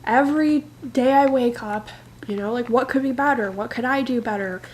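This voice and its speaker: A young woman vlogging about her day, frank and weary, full of "like" and pauses. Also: a little high, poor audio. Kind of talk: personal vlog. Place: in an old convertible car.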